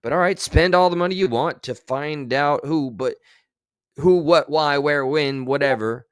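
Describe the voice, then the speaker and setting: A man's voice: a little high, measured pace, clear, resonant tone, dry recording. A man streaming, giving casual, sarcastic and rambling commentary on clips.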